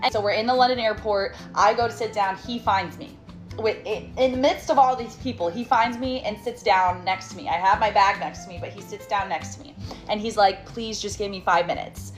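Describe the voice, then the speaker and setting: A woman's voice: mid-range voice, fairly quick, faint music behind. A young woman casually telling a storytime, chatty and dramatic with sassy asides.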